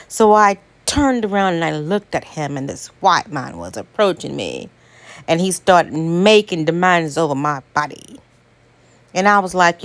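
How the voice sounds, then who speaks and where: A woman telling a dramatic first-person story in an unhurried, deliberate way. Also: low voice, expressive, dry recording.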